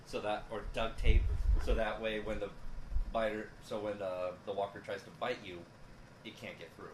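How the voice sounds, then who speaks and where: A man's voice: on the low side, level tone, moderate pace. A young man in casual podcast chat, hesitant and full of fillers. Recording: echoey room with background noise.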